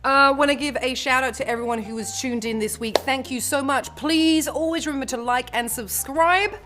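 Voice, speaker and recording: A woman's voice: sits high, moderate pace, music in the background. A woman hosting a casual livestream, chatting in an upbeat, teasing way and signing off to viewers. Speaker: host.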